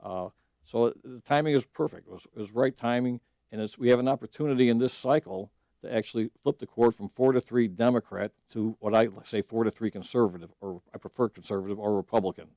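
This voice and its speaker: A man's voice: mid-range voice, fast, warm tone, no room sound. A middle-aged man, telling his story as a guest in a radio studio, earnest, with many restarts and fillers. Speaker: judicial candidate, radio guest. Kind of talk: casual radio interview.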